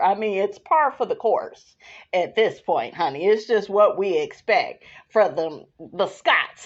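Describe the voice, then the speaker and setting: Woman, podcast host, sassy, casual commentary, lively swooping pitch, dull lo-fi sound. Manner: sassy, animated, calls listeners honey.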